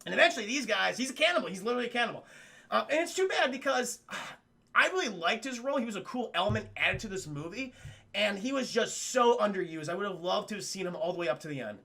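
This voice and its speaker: A man with a high, bright voice and a gravelly fry beneath it tears through a spoiler-filled film recap for his live chat, talking fast. Excitable and profane, he laughs often and slips into the characters' lines.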